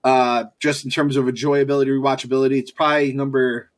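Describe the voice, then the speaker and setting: A man's voice: mid-range voice, flat delivery, fast talker. A man co-hosting a podcast in loose, casual chat, swearing freely and laughing often. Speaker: podcast co-host.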